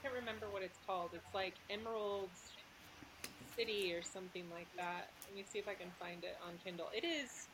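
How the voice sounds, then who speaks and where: A woman's voice: mid-range voice, fairly quick, noisy background. A woman author, a guest on a podcast, chatting casually with lots of fillers and giggles. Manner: giggly, filler-heavy, rambling.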